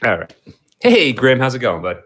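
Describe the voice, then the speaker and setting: A man's voice: medium pitch, wildly swooping pitch, normal speed, a bit bright. A man hosting a casual livestream, rambling and restarting as he chats with viewers and his cat. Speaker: livestream host.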